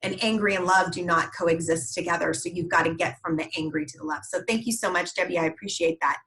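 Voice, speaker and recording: A woman's voice: fairly low pitch, fairly even intonation, quick pace, a bit bright, poor audio. A woman hosting a group coaching call, speaking in an encouraging, reflective way. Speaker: host.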